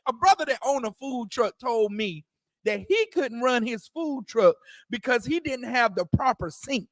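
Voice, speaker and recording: A man's voice: very high-pitched, animated, a little slow, no room sound, clean studio sound. A man leading a religious discussion, preaching in a casual way, often asking "you understand?" and restarting his words. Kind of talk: preaching-style casual talk.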